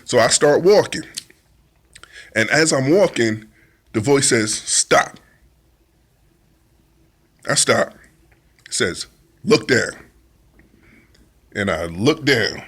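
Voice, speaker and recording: Telling his testimony, this man speaks a little slowly and pauses often, his mid-range voice expressive, a bit bright, and husky. He vividly plays out his side of an argument in plain, informal talk marked by dialect grammar.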